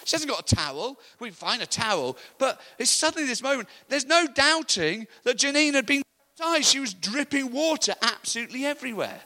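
A middle-aged man preaching a sermon, telling animated stories and laughing often. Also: extremely high pitch, fairly quick, few pauses.

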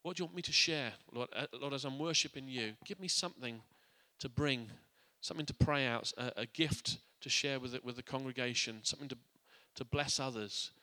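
A man preaching a sermon to a congregation. He speaks earnestly, often restarting or repeating words, and drops quiet and soft on his reflective points. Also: mid-range voice, brisk, few pauses. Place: church. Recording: long church hall reverb.

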